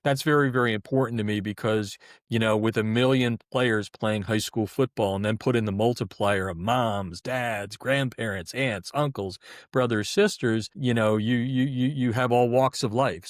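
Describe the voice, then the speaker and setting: Chatty middle aged guy being interviewed, kinda low voice, keeps restarting sentences, dry. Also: fairly even intonation, normal speed, no room sound. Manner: talkative and folksy, with repeated restarts. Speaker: guest, sports website editor. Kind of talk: conversational interview.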